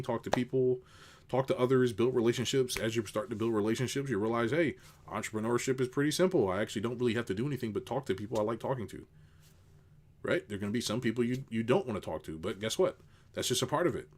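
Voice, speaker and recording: Man ranting, business coach, middle-aged, swearing, mocking, average pitch. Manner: ranting, swears, mocks people in put-on voices. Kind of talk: unscripted rant to camera.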